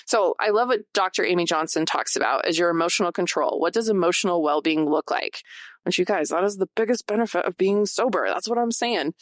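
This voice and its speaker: A woman with a somewhat low voice hosts a solo podcast, talking casually and directly to her listeners. She drifts between chatting and reading from her notes. The sound is dry and close, with no room echo. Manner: chatty, addresses listeners directly, laughs often. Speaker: podcast host.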